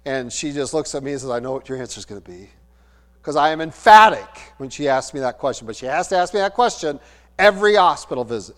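Middle-aged male pastor, emphatic conversational sermon, slightly high voice, echoing church hall with hum. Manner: emphatic, conversational preaching with rhetorical questions. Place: church sanctuary. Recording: long hall reverb with mains hum.

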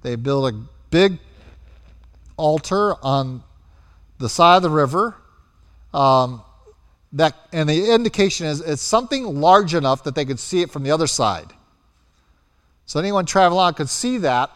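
A man preaching a sermon, telling the story with animated delivery and acting out quotes as he goes. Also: a little high, normal speed, pauses often, in a large hall.

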